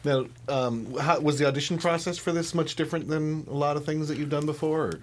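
A man's voice: fairly high pitch, fairly even intonation, brisk. A man interviewing a guest, asking casual questions in loose, hesitant phrasing.

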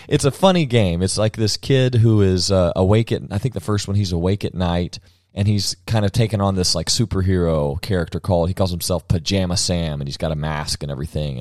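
A man's voice: low voice, darkish tone, no echo, studio quality. A man hosting a casual podcast chat, rambling with many restarts and frequent laughter. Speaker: podcast host.

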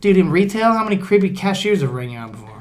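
A man's voice: high-pitched, sing-song, quick pace, a little mellow. A man hosting a podcast, telling rambling, profane stories in casual chat. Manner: acts out cops and others in quoted voices. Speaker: podcast host.

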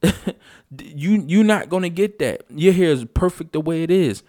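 A man's voice: fairly high pitch, expressive, normal speed, dark tone, no echo, studio quality. A man ranting in a casual vlog, blunt and profane, hammering home his points over and over. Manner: blunt, profane, emphatic and repetitive. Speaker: vlogger. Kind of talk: casual unscripted rant.

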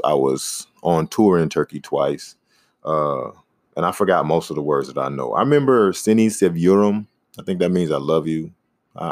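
A man hosting a casual podcast, rambling in a laid-back way and giving shout-outs to listeners. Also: a bass voice, no room sound, clean studio sound. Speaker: podcast host; comedian.

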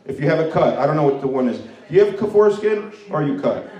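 Crude stand-up comic, echoey club. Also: male voice, fairly high pitch, very animated, fast, mellow, highs cut off. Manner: crude, laughing at own jokes. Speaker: stand-up comedian. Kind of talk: stand-up set with crowd work. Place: comedy club stage. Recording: echoey room, mic from distance.

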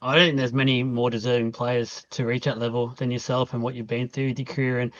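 A man's voice: medium pitch, little pitch movement, fast talker, fairly bright tone. A man hosting an interview, asking long, chatty, rambling questions. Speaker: interview host. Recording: dull lo-fi audio.

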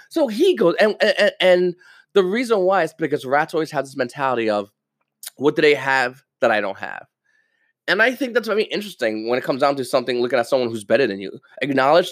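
A man talks fast in a casual solo podcast monologue, his pitch bouncing all over as he rants. He stammers, repeats himself and drops the odd curse word. The sound is dry and close. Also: no echo. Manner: animated, ranting, stammers and repeats words, swears. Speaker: podcast host.

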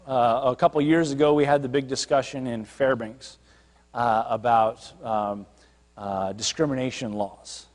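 A man's voice: medium pitch, in a large hall. A man, a pastor, preaching a sermon in a conversational way, retelling a scripture story with acted asides.

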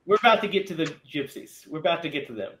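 Animated high-voiced man in an echoey room. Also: very fast, a little hiss or hum. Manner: animated, laughs often, recaps plots. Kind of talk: casual movie discussion.

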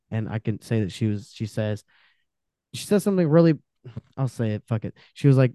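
A man tells a story as a guest on a podcast, animated and swearing freely as he acts out what people said. His voice is mellow and smooth. The sound is dry and close. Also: mid-range voice, moderate pace, long pauses, dry recording. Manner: animated, profane, acts out quotes. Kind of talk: casual storytelling.

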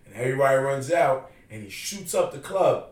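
A man telling a story in a lively, swooping voice. He acts out the lines of the people in it. He sits back from the mic in an echoey room, with a faint hum of ambience underneath. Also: mid-range voice, a little fast, recorded from a distance. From New York City. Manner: animated storyteller, acts out quotes. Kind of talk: casual chat, storytelling.

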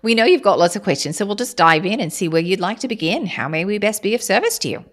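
A woman voicing a gentle collective of otherworldly star beings. She addresses the listener formally and calls them dears, with slow, measured phrasing and soft hums between thoughts. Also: medium pitch, expressive, voice pushed up. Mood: welcoming. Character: collective of ninth-dimensional Pleiadian beings, gentle and welcoming. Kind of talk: channeled speech.

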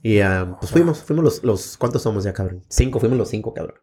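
A man in his thirties tells stories at a brisk clip, jumping between joking asides and lively impressions of the people in them. His delivery is animated and playful, like a co-host riffing on a casual podcast. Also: on the low side, breathy edge. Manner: animated storyteller, acts out voices, joking. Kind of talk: casual chat.

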